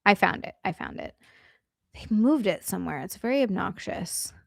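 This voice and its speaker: A woman's voice: medium pitch, lively intonation, moderate pace, creaky, dry recording, studio quality. A woman hosting a casual livestream, chatting with her chat and effusively thanking viewers, giggly and bubbly. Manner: bubbly and effusive, giggly, chatty asides while navigating settings. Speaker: livestream host.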